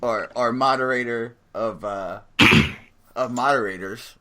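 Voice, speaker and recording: A man's voice: medium pitch, a little slow, sharp tone. A man hosting a casual podcast, friendly and joking with his guests. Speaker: podcast host.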